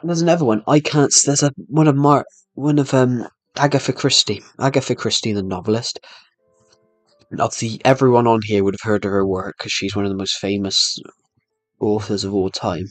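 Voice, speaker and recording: A man's voice: fairly low pitch, steady tone, brisk, no room sound, faint music behind. A young man chatting casually on a live stream while he plays, rambling, stumbling over words and poking fun at himself. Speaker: livestreamer.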